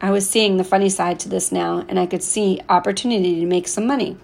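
A woman narrating a novel chapter as an audiobook, with a gravelly edge and voicing the dialogue herself. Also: medium pitch, fairly even intonation, fast, darkish tone. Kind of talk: scripted narration.

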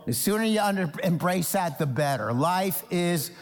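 A man from New Jersey preaching a sermon as pastor, animated, acting out Bible characters in quoted voices. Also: high-pitched, brisk, vocal fry, big-room sound.

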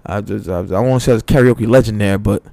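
A gravelly, fry-heavy man, spinning a long story in loose, profane chat and acting out the voices of the people in it. His voice sits a little low and sounds close and dry. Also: fast talker, dark tone, dry recording. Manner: loose, profane storyteller who acts out dialogue.

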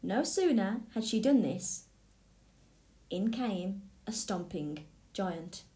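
A woman reading a fairy tale aloud in a clear, steady way. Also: mid-range voice, slow pace. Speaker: storyteller. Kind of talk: storybook read-aloud. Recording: echoey room.

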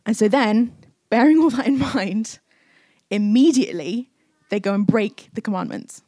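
Woman preacher, casual sermon, mellow tone, dry close sound, chatty with fillers. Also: medium pitch, lively intonation, moderate pace, no echo. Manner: chatty, many fillers, acts out quoted speech. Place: church service.

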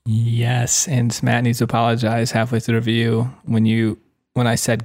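A man's voice: mid-range voice, completely flat delivery, moderate pace, a little mellow. A man co-hosting a podcast in casual chat, teasing and joking with his partner. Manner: teasing, jokey. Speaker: podcast co-host.

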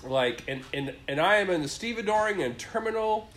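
A man's voice: sits high, lively intonation, brisk, a bit bright, slight background noise. A man telling a rambling work story in casual chat, swearing often and acting out his bosses' lines.

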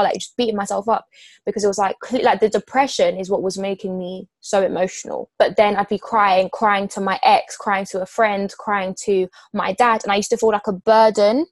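A woman's voice: mid-range voice, fairly even intonation, moderate pace, no room sound. A young woman in her twenties talking openly and with emotion in a casual heart-to-heart chat. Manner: open, emotional, frank.

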